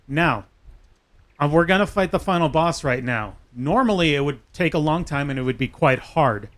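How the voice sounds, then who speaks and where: A man's voice: fairly high pitch, animated, normal speed. Easygoing male game streamer. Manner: jokey, easygoing, talks to chat viewers. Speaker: streamer and host. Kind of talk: casual chat while playing a video game.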